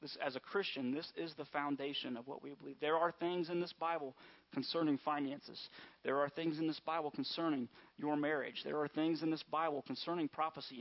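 Man preaching a casual sermon. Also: medium pitch. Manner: conversational, repeatedly asks "all right?" and "amen?". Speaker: pastor. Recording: dull lo-fi sound.

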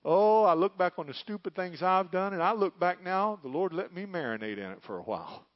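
A middle-aged pastor preaches a fervent sermon, his fairly high voice surging into loud cries and dropping to hushed tones. The recording is dry and dull, like a lo-fi capture of a church service. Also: expressive, fairly quick, no echo.

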